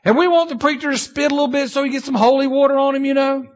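A male pastor preaching a sermon, telling stories and swinging between loud bursts and low asides. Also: fairly even intonation, very fast.

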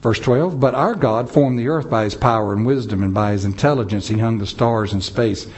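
A man's voice: medium pitch, fairly quick, darkish tone, breathy edge. A man preaching a sermon, telling a story with dramatic swings of pace and emphasis. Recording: dull lo-fi sound.

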